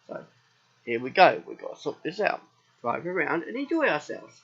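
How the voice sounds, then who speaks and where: A British man hosts a let's play of a farming game in casual commentary, his fairly high, bright voice scratchy and husky from a sore throat, swooping wildly in pitch at a moderate pace. He rambles from aside to aside, often asking himself questions and answering them. The recording sounds dull and lo-fi.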